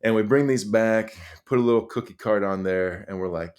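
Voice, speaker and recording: A middle-aged man speaks as a guest on a podcast, earnest and animated as he tells his stories. He keeps doubling back with fillers and restarts. His voice sits a little low. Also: normal speed, hardly any pauses. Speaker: podcast guest, high school coach. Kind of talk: conversational storytelling.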